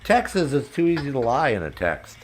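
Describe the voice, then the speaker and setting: A man telling a profane, animated story while streaming a game. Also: medium pitch, brisk, faint music behind, poor audio. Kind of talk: casual storytelling while gaming.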